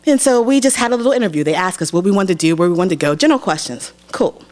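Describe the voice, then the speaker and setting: A woman's voice: lowish voice, rapid-fire. A young woman from Pennsylvania tells a personal story live on a theater stage, acting out the voices of the people in it. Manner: animated, acts out other people's voices.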